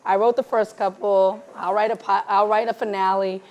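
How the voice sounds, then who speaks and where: In a medium-pitched voice at a moderate pace, a female film director chats informally on stage as an interview guest before a live audience. She brings her stories to life, voicing the quoted dialogue herself.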